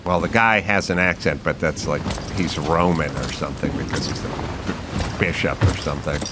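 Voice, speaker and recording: A man's voice: very deep voice, normal speed, heavy background noise. A man hosting a podcast, chatting casually with a dry, wry manner. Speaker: host.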